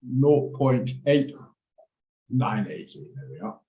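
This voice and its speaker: A man's voice: mid-range voice, very animated, slow, dark tone, roomy sound, highs cut off. A man hosting a live trading lesson on a video call, explaining his orders and checking in with attendees by name. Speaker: trading room host. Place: home office on a video call.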